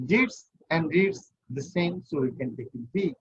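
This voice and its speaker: A male lecturer talks slowly and deliberately, walking through each point one step at a time. His voice sits a bit high and sounds very husky and breathy. The recording is dull and lo-fi, like a low-quality online class. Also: expressive, a bit bright. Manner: slow, counting and explaining step by step. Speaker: university lecturer.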